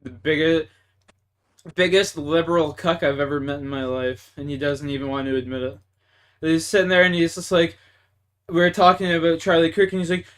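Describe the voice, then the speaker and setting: A man's voice: on the high side, a little fast, clean tone. A young man with a Canadian accent, chatting and ranting casually and profanely while streaming a game. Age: young adult. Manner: profane, ranting, swings between loud and mumbled. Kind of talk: casual chat while gaming.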